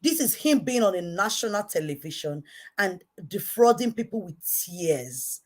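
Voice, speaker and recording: A woman with a Nigerian accent giving an impassioned rant to camera, repeating herself emphatically and swinging between quiet intensity and shouting. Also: mid-range voice, big pitch swings, normal speed. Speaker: online commentator.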